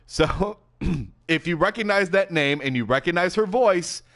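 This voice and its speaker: A man's voice: sits high, measured pace. Chatty male gaming host on a headset. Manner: chatty and excitable, with frequent laughs and filler. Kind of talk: casual game commentary.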